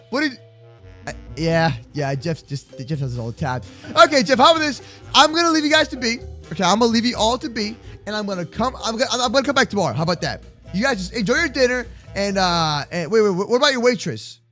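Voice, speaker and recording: A young man hosting a Minecraft roleplay, talking in an excitable, jokey way with lots of restarts. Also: high voice, fast talker, soft background music. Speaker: roleplay host.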